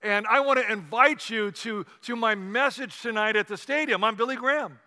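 Brief: an earnest evangelist , played by a male preacher, inviting, a high bright voice in a roomy hall. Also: normal speed.

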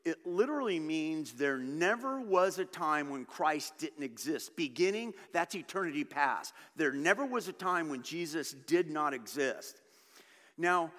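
A man preaching a sermon as pastor, emphatic and animated with conversational asides. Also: on the high side. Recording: reverberant hall.

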